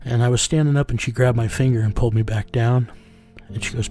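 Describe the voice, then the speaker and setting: A middle-aged man telling a personal story in an interview, slow, earnest and plain-spoken. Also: medium pitch, fairly even intonation, darkish tone, faint music behind. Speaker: interview guest. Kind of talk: reflective storytelling.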